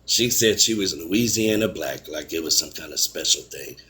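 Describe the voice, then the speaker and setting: A man in his forties telling a personal story in casual chat, animated and acting out what others said. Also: normal speed, slight background noise. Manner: animated, acts out quotes with raised pitch.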